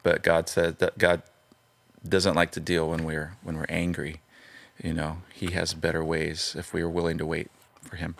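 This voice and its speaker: A man's voice: low voice, moderate pace, vocal fry. A man in his fifties, a pastor and guest, telling stories in a casual interview and acting out the dialogue as he goes. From California. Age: 50s. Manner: animated storyteller, acts out dialogue.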